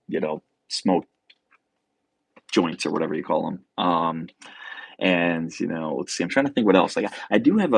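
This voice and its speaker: A man's voice: low-pitched, creaky, slightly rough, no echo. A young man hosting a casual livestream, telling a rambling story full of fillers and restarts and reading viewer comments. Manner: reads viewer comments aloud. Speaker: livestream host.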